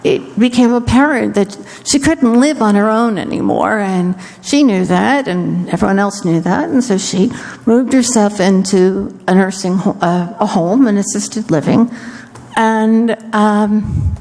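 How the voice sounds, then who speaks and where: A woman council member talks through her report at an easy, unhurried pace. Her voice carries a long reverb from a council chamber. She is chatty and personal. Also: mid-range voice, a little mellow.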